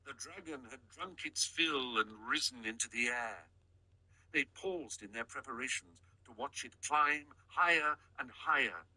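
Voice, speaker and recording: A man reads a storybook aloud in a measured, even style. His tone is very bright and crisp, and the studio sound is close and dry. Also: mid-range voice, no room sound, low-quality recording. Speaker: audiobook narrator. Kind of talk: scripted narration.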